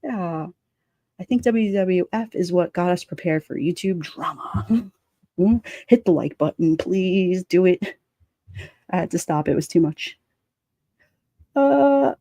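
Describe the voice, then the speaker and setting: A woman's voice: mid-range voice, lively intonation, unhurried, long pauses, warm tone, no room sound. A woman hosting a casual livestream, chatting and reading comments from her chat in a rambling way, laughing often. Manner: rambling, laughs often, lots of fillers and restarts.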